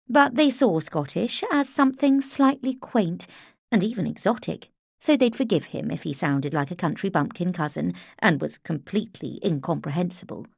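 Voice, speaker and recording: A woman narrating an audiobook in a measured, expressive storytelling manner. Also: medium pitch, vocal fry, no echo. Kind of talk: scripted narration.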